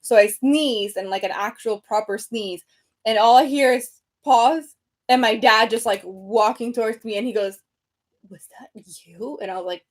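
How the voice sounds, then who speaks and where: Woman in her thirties, chatty, lots of ums, slightly high voice, home livestream at a desk. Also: moderate pace. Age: 30s. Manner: chatty, many ums and restarts. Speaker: creator hosting a livestream. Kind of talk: casual livestream chat reading comments. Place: room at home. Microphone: computer webcam mic, seated at desk.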